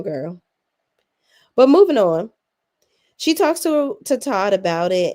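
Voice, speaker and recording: A woman's voice: on the low side, mellow. A young adult woman hosting a casual recap, blunt, sassy and full of swearing. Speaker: reality TV recap host.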